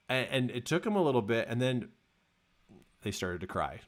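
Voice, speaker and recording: A man's voice: medium pitch, a little fast. A man speaking as a coach in a motivational talk, telling stories with emphatic repetition. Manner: animated storytelling, emphatic repetition.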